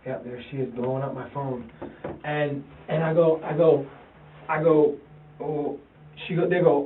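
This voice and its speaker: Distressed father, stammers and repeats himself, taped in an interview room, tinny and far off. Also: a little high. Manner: halting, repeats himself, quotes his sons. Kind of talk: police interview recording. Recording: tinny, roomy, distant interview-room recording.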